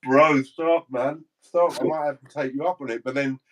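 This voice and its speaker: A man's voice: a little high, fairly even intonation, normal speed, a bit bright, rough recording. An English man co-hosting a casual livestream, reading out viewer comments and laughing easily. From England. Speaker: livestream co-host.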